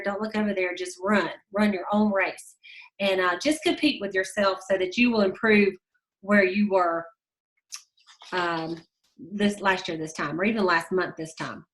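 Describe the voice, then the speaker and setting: A woman's voice: medium pitch, unhurried, fairly bright tone. Chatty woman telling motivational stories. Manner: storytelling, many fillers, emphatic repetitions. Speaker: sales team leader giving a motivational talk. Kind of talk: casual motivational talk.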